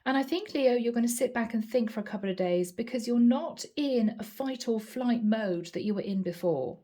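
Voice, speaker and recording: A woman giving a channeled tarot reading, speaking calmly and reassuringly, addressing the listener directly and repeating key phrases. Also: fairly high pitch, moderate pace. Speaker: tarot reader.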